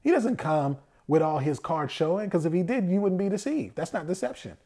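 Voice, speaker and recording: This man's voice is high and dark-toned, and he speaks briskly and expressively. His sermon is conversational, full of rhetorical questions he answers himself, with the voices of quoted people acted out.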